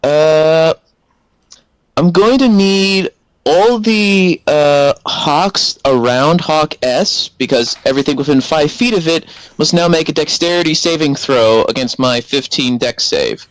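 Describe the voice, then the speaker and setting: A man's voice: a little high, a little slow, dry recording, low-quality recording. A man playing a tabletop game, explaining his spell and its rules step by step. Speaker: player. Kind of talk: casual tabletop game play.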